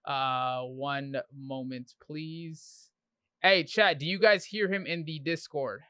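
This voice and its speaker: Man, podcast host, loose slangy chat, crisp bright voice. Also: on the high side, slow, no echo, studio quality. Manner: loose, slangy, runs the call-in segment. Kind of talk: casual livestream podcast chat.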